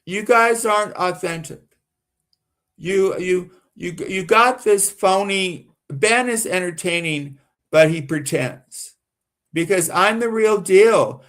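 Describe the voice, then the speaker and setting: Slow-talking indignant male streamer. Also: sits high, fairly bright tone. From American South. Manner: rambling, repetitive, gets worked up and indignant. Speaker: streamer doing commentary. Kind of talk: casual live-stream commentary.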